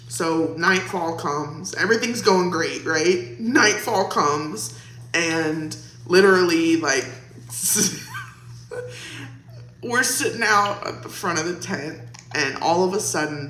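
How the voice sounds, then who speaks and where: A woman's voice: on the low side, fairly bright tone, slight background noise. A young woman vlogger casually telling a storytime, chatty and laughing, with lots of "like". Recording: roomy echo.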